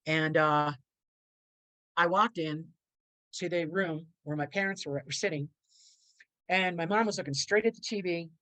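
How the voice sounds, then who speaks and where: A woman's voice: on the low side, fairly bright tone, no echo, low-quality recording. A middle-aged woman, a podcast guest and motivational speaker, telling a personal story in a rambling, earnest way and acting out the voices of people in it.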